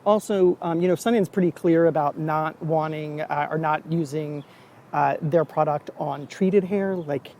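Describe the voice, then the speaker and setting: A man's voice: on the high side, a little slow, darkish tone, slight background noise. A man in his forties chatting casually in a vlog, reviewing a hair product in a rambling, self-deprecating way. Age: 40s.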